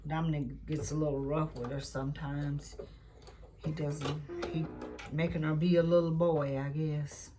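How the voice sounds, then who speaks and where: A woman who hosts a quilting channel. She chats casually and rambles through family stories during a sewing tutorial, sometimes dropping into soft muttered asides. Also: sits low, level tone, a little slow, over music.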